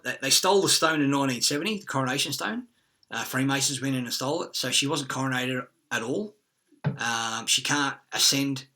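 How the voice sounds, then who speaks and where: A man's voice: mid-range voice, sharp tone. A man in a rambling, profane monologue, with many fillers and restarts, acting out quoted lines.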